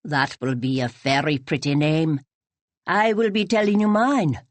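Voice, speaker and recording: A woman reading as a dignified old Highland Scottish widow, deep and rich-voiced, speaking with a slow, formal lilt. The recording is close and dry, with no room around it. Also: no room sound. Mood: stately. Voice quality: rich, lowered voice. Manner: formal, lilting old-fashioned phrasing. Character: stately old Highland Scotswoman, proud and strange.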